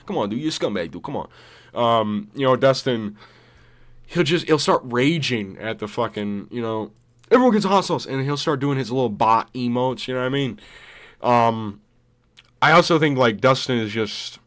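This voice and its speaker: A man's voice: mid-range voice, lively intonation, moderate pace, fairly bright tone. A young man giving casual, rambling commentary, full of swearing and laughter. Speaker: vlogger.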